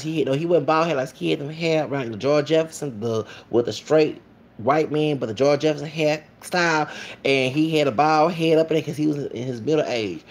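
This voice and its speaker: A man talks in a casual, rambling vlog monologue. He repeats himself and keeps checking in with "okay?". His voice is gravelly and sits a little high. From Texas. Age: late 30s.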